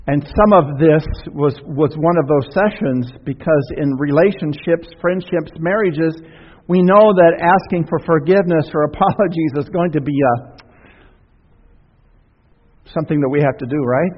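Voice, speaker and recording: A man's voice: on the high side, normal speed, husky. A man preaching a sermon as pastor, folksy and conversational, with asides and questions to the congregation. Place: church sanctuary. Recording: dull sound with long church reverb.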